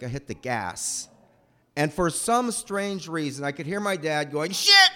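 A man telling a personal childhood story in a rambling, animated way. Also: high voice. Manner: animated, rambling, acts out voices.

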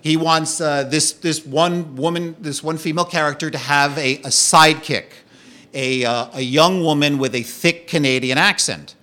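A man telling a personal story as a monologue, with a wry, animated delivery that drops low and quiet for the darker parts. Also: moderate pace.

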